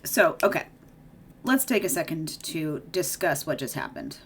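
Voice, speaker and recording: A woman's voice: low voice, big pitch swings, moderate pace, slightly rough. A woman giving a casual movie recap while doing her makeup, chatty and opinionated, with sarcastic asides. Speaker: video creator.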